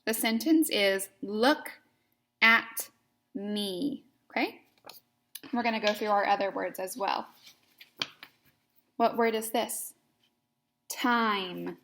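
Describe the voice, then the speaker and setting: Slow, patient female kindergarten teacher. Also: medium pitch, fairly bright tone. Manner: patient, sing-song, spells words letter by letter. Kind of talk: slow, clear teaching to young children.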